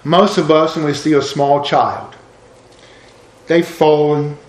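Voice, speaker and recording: Pastor guy preaching, kinda high voice, earnest, goes quiet and soft a lot, roomy echo. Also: level tone, slow pace. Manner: earnest, rises for emphasis then drops low and soft. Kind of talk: sermon.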